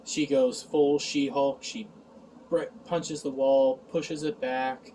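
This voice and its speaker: A man's voice: mid-range voice, level tone, slow pace, warm tone, far from the mic, a little hiss or hum, poor audio. A man recapping an episode in a casual review, sarcastic and exasperated, sighing and mocking the lines he quotes.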